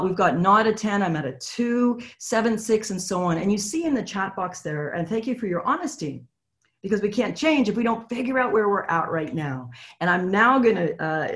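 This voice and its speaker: A woman, apparently from Canada, coaching a live online session in a chatty, encouraging way and reading out replies from the chat. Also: fairly low pitch. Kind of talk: live webinar teaching.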